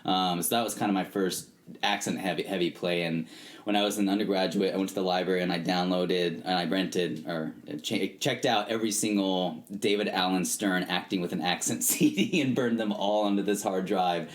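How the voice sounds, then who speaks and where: Deep-voiced, halting male actor. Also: fairly even intonation. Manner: halting, laughs often. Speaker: actor guest. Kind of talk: casual podcast chat.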